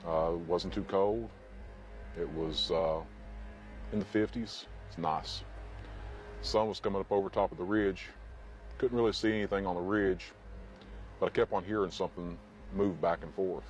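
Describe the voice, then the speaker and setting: A man's voice: sits low, fairly even intonation, normal speed, pauses often, a little mellow, a little hiss or hum. A middle-aged man recounting his experience in an interview, plain-spoken and hesitant. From Kentucky. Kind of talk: interview storytelling.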